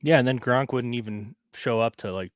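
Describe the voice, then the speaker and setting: A man's voice: medium pitch, normal speed, dry recording, studio quality. Easygoing man talking sports bets. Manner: relaxed, hesitant, thinks aloud with restarts. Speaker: sports betting podcast co-host. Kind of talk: casual chat.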